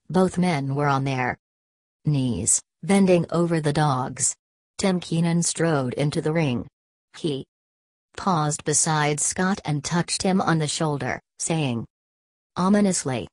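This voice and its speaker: Low-voiced woman reading a story. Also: darkish tone, no room sound. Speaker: audiobook narrator. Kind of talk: scripted narration.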